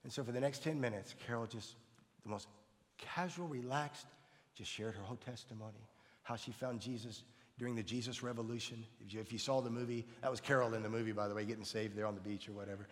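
A man's voice: mid-range voice, fairly even intonation, fast talker, in a large hall. An older man, a pastor, telling a personal story in an earnest, conversational way. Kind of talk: storytelling sermon.

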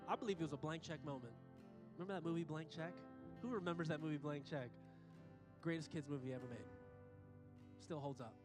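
A man preaching a sermon, emphatic, repeating phrases and building to excited peaks. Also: fairly high pitch. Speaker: pastor. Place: church auditorium. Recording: long hall reverb.

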